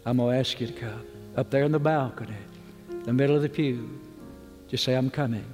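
An earnest middle-aged preacher pleads with his congregation in a large sanctuary, his voice ringing with a long reverb. Faint music sits under him, and he sinks soft and slow on the words that matter most. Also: mid-range voice, fairly even intonation. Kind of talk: sermon with altar call. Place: large church with balcony.

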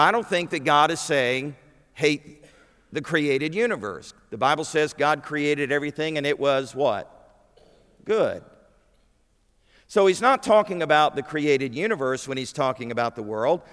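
A man preaches in a church sanctuary, his voice sitting a touch high. He drives his points home with emphasis and keeps asking the pews for answers. The sound trails off in a long hall reverb. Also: a bit bright. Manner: emphatic, asks the congregation questions. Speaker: pastor. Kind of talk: sermon.

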